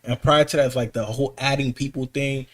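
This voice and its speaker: Podcast co-host, male, mid-pitched, casual and animated, slangy storyteller. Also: quick pace. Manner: animated storytelling, swearing, slang, voice jumps up when worked up.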